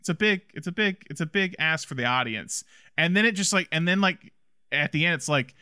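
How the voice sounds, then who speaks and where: A man co-hosting a casual film discussion, animated and laughing often as he talks. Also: on the high side, a little fast, clean tone, dry recording, clean studio sound. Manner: animated, laughs often, restarts when excited. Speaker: podcast co-host.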